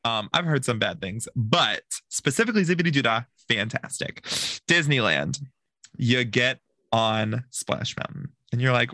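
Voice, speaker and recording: Animated man telling a story. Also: mid-range voice, measured pace, dry recording. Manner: animated storyteller who acts out quotes. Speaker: podcast guest. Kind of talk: casual podcast chat.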